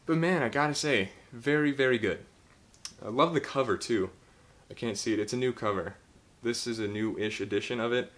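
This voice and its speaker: A man's voice: mid-range voice, fairly quick, a bit bright. A young man casually reviewing a book, rambling and swearing as he retells the plot with laughs.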